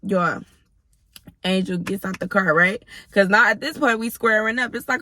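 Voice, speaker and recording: A woman in her thirties telling an animated, profane storytime vlog, speaking straight to her viewers. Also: medium pitch, normal speed, slight background noise. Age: 30s. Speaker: storyteller vlogger. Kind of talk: casual storytime.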